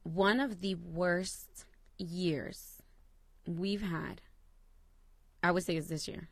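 Animated young woman telling stories. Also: lowish voice, extremely slow, gravelly, breathy edge, no echo. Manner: animated storyteller, swears freely. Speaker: co-host. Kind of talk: casual chat.

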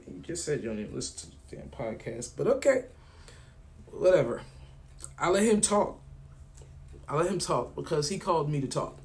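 A man's voice: mid-range voice, lively intonation, normal speed, pauses often. Rambling, slangy man telling stories. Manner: rambling storytelling, acts out both sides of phone calls; loose and colloquial, with frequent slang. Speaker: podcast host. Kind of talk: casual monologue.

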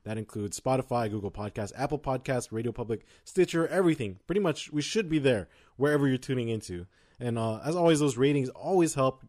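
A young man co-hosting a pop-culture podcast in casual chat, relaxed and loose, laughing often. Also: medium pitch, fairly quick. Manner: laid-back, laughs often, loose filler-heavy talk. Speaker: podcast co-host.

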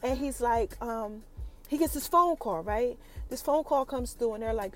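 A woman hosting a podcast, recapping a TV episode in an animated, chatty way and talking straight to her listeners. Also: a little high, moderate pace, faint music behind, poor audio. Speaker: podcast host.

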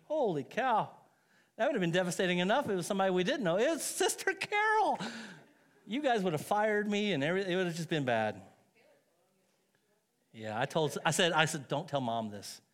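A man's voice: high voice, big pitch swings, fairly quick, fairly bright tone. A middle-aged man preaching a sermon as pastor, telling stories with self-mocking humor and frequent laughs.

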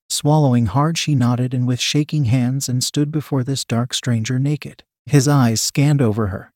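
A man narrating a romance story in a calm, steady way. His voice sits at an ordinary male pitch. The recording is dry and close with no room sound. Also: normal speed, few pauses, dry recording.

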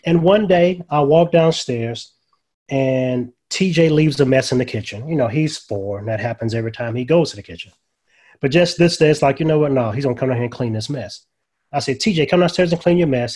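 Older man, chaplain, folksy, mid-pitched, softly quoted dialogue. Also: a little fast. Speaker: guest, grief ministry chaplain. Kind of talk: casual storytelling.

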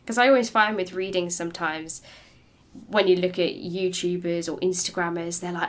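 Female podcast co-host with a lowish voice, animated, casual book chat. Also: normal speed. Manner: animated, enthusiastic, laughs easily.

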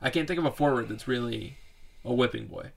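Gravelly podcast guy, opinionated, emphatic, laughs a lot. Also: mid-range voice, lively intonation, brisk. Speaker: podcast co-host. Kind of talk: casual sports chat.

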